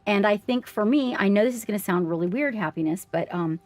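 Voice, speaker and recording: A woman's voice: medium pitch, animated, fairly quick, darkish tone, dry recording. A woman on a livestream, earnestly sharing her story and speaking straight to the viewers in a casual way.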